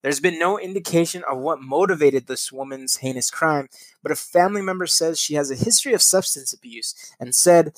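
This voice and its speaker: A young man reads news articles aloud on his podcast, breaking off to comment with casual swearing and laugh at his own stumbles. His voice sits a little high for a man, recorded close and dry with no room sound. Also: brisk, no room sound. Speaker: podcast host.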